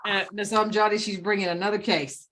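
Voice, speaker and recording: A woman judge running a courtroom hearing, reading charges and bond amounts in a brisk, joking manner. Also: medium pitch, steady tone, fairly bright tone. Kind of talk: courtroom proceedings.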